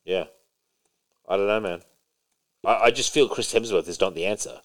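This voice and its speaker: Low-voiced man chatting on a podcast. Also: moderate pace. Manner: rambling, emphatic, swears freely. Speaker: podcast co-host. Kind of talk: casual podcast chat about comics and movies.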